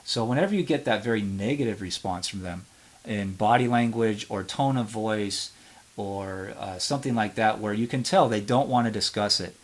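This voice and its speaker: A man teaching how to run interviews in an informal, conversational lecture, often pausing on fillers and restarting his sentences. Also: fairly low pitch. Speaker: history professor.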